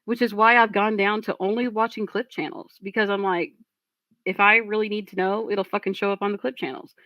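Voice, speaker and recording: A woman's voice: medium pitch, fairly even intonation, a little fast, pushed and bright, no echo. A woman streamer reacting to a video and reading chat, blunt and profane as she rants. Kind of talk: casual reaction commentary.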